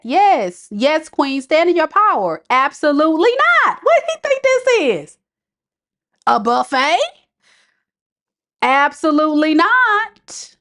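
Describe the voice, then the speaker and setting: Sassy, animated woman tarot reader. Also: on the high side. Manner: sassy, animated, laughing often, slangy. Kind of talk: live tarot reading stream.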